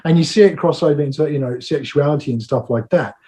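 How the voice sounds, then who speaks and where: Male co-host, warm low tone, measured devil's-advocate style. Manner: thoughtful, measured, argues the other side. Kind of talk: casual podcast chat.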